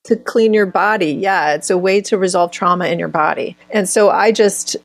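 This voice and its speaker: A woman with a gravelly, slightly breathy voice talks as a guest healer in an interview. She feels her way through ideas, restarting phrases as she thinks. The sound is dry and close. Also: medium pitch, moderate pace, dry recording. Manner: searching, restarts phrases mid-thought. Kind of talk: conversational interview answers.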